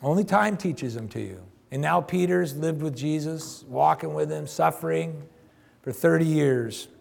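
A male pastor in his fifties preaches in a conversational, emphatic way. His voice is gravelly and sits a little high. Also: a little slow, a little mellow. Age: 50s. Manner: conversational, emphatic, addresses congregation directly. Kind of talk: sermon.

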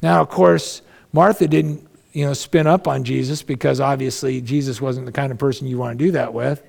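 A man's voice: fairly high pitch, creaky, a little mellow. A male pastor preaching a sermon in a conversational, folksy way, with humorous asides.

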